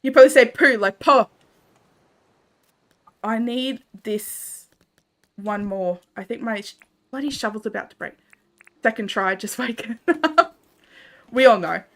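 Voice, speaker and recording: A woman's voice: fairly high pitch, measured pace, long pauses, a bit bright. A young Australian woman chatting casually with her viewers while gaming on a livestream, laughing often and reading out chat messages. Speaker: streamer.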